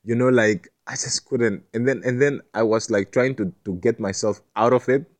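Without any echo, a man with a mid-range voice and fairly even intonation talks at normal speed. He's not from Jamaica and rambles casually through a personal story, full of fillers and false starts.

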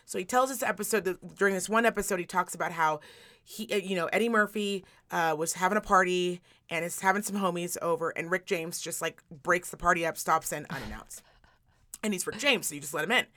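A woman hosting a podcast, telling stories in a casual, animated way, repeating words for emphasis and swearing freely. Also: fairly low pitch, a little fast. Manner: animated storytelling, emphatic repetition, profane. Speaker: podcast host. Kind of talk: casual chat.

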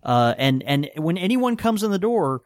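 A man, co-hosting a casual talk show from a small pipe shop, relaxed and chuckling, with lots of fillers and restarts. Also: on the high side, moderate pace, dry recording, clean studio sound. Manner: laid-back, chuckling, many fillers and restarts. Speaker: podcast co-host and pipe shop worker. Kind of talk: casual chat.

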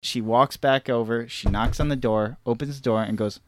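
A man's voice: mid-range voice, moderate pace, slight background noise. A man telling a long funny childhood story in casual chat, acting out the voices of people in it. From Boston area. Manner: animated storytelling, acts out quotes loudly.

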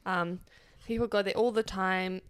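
A woman's voice: medium pitch, fairly even intonation, normal speed, smooth. A woman from New Zealand in her late twenties or early thirties, co-hosting a podcast in a chatty, giggly way and often trailing off mid-sentence. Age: late 20s to early 30s. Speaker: podcast co-host. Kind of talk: casual chat.

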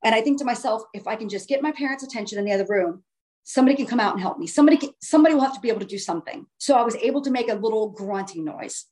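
A woman's voice: on the high side, animated, rapid-fire, a little mellow. A woman telling her own story in a casual, earnest way, often restarting her phrases for emphasis. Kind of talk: casual first-person storytelling.

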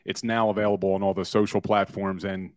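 On a casual sports radio interview, this forty-year-old guest, a podcaster and former lawyer, spins energetic, somewhat self-deprecating stories. His voice sits low, level in tone, brisk and a little mellow, recorded close and dry in the studio without any echo or room sound.

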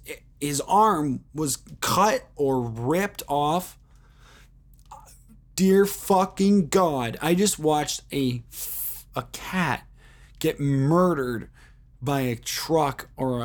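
Profane rambling man telling stories. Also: medium pitch. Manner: rambling, heavy swearing, many fillers. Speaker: podcast host. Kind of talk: casual storytelling monologue.

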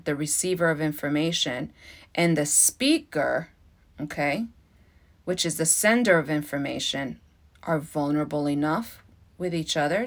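A middle-aged woman hosts her own podcast in a loose, heartfelt monologue. Her voice sits a little low for a woman, and she leans on profanity for emphasis. She jumps from loud, excited bursts to hushed asides. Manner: animated, swings between loud bursts and soft asides. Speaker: podcast host.

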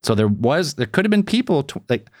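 A man's voice: mid-range voice, very animated, a little fast, dry recording, clean studio sound. A man in a casual podcast chat, rambling through speculative ideas and swearing freely. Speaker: podcast co-host.

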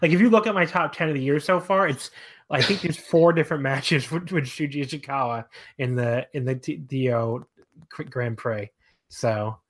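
A man's voice: mid-range voice, moderate pace, fairly bright tone. Male podcast host, casual and enthusiastic, steers the chat with questions.

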